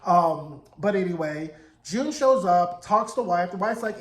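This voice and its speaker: A man in his forties giving a sassy, animated casual recap of a TV episode, acting out the characters' lines. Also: sits high, unhurried. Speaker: TV recap vlogger. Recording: roomy echo.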